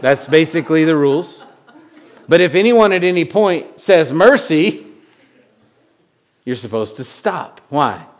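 A man preaching a sermon in a conversational way, often repeating words and swinging from loud lines to hushed ones. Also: fairly high pitch, expressive, a little slow, pauses often. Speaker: pastor.

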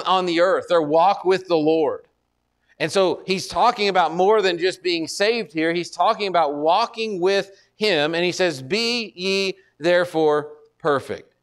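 A man preaching a sermon in an earnest way, often repeating words as he builds to a point. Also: unhurried. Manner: earnest, repeats words, rises in pitch and force when exhorting.

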